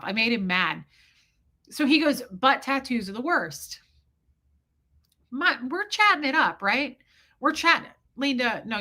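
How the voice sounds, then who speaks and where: On a live stream, a woman with a slightly high, very bright voice chats away. She tells stories with lively energy, reads viewer comments out loud and swears casually.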